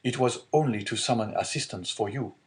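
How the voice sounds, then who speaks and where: A man's voice: on the low side, fairly quick, natural voice. A man voicing an earnest, anxious young male sailor in a read-aloud storybook, in a slightly raised voice.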